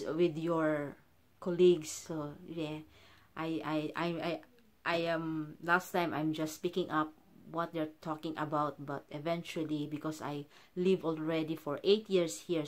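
Chatty woman vlogger, lowish voice. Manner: chatty, keeps calling viewers "guys"; halting, frequent restarts. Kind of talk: casual chat to camera.

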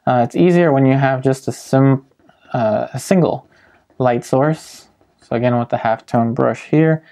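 Man, painting instructor, relaxed demo narration, soft fry in the voice. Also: medium pitch, measured pace. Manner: calm step-by-step explaining with frequent ums.

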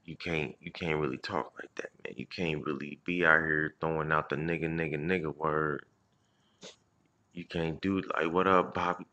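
A man from Indiana casually telling a profane story on a live stream, full of restarts and shout-outs to viewers. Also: a bass voice, steady tone, normal speed. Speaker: comedian livestream host.

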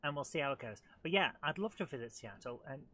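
This retro gaming channel host, a middle-aged man, keeps up a chatty, self-deprecating live let's-play and addresses the game directly. He speaks fast in a mid-range voice that is expressive, bright, and forceful, with no echo.

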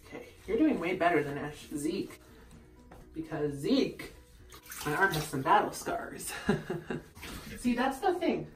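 Young man, vlogger, excitable, lively swings in his voice, echoey bathroom, faint music behind. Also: on the high side, slow pace, long pauses. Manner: excitable, laughing, yelping at scratches. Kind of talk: casual chat to camera. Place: bathroom at home.

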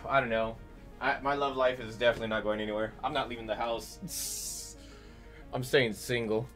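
A young man streaming a game in casual chat, swearing often, reading chat aloud and yelling at teammates while sore from a hurt leg. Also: medium pitch, steady tone, normal speed, soft background music. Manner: profane, chatty, reads chat aloud and shouts at teammates.

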